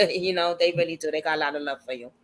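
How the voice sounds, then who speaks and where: A woman's voice: sits low, fast, rough recording. A woman hosting a casual livestream, chatty and informal, laughing often as she talks. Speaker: livestream host.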